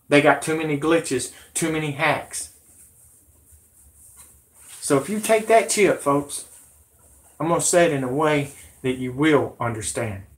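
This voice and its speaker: A man hosting a vlog, ranting in a rambling, indignant way and swearing. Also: medium pitch. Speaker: vlog host.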